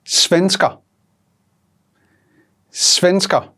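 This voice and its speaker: A language teacher running a vocabulary drill at an unhurried, careful pace. Each word is spoken clearly and then repeated for the learner, in a mid-range voice that is neither high nor low. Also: fairly bright tone. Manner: slow, deliberate, repeats each Danish word twice.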